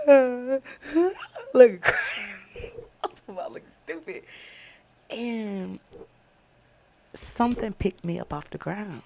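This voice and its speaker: Woman host, low raspy voice, animated testimony storytelling. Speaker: podcast host. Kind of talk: personal faith testimony. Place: downtown, indoors.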